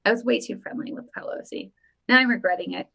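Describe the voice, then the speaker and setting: A woman with a voice pitched a little high hosts a casual live stream about politics. She talks in an animated, emphatic way and keeps repeating her points for effect. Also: fast talker, gravelly, breathy edge. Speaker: political commentary vlogger.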